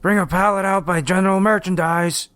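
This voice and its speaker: A man voicing a creepy tall stranger who mimics other people's voices, raspy and oddly mocking. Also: high-pitched, fairly even intonation, brisk, fairly bright tone, no echo, voice pushed up. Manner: mocking imitation, odd and uncanny. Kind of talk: storytelling narration.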